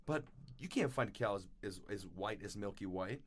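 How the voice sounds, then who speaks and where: Animated man telling a story. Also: lowish voice, moderate pace. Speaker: podcast co-host. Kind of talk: casual chat retelling a musical plot.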